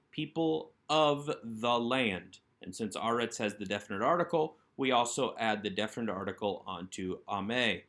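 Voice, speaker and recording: Patient, low-voiced male Hebrew teacher. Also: fairly bright tone. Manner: patient, methodical explaining of grammar. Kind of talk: recorded workbook lesson.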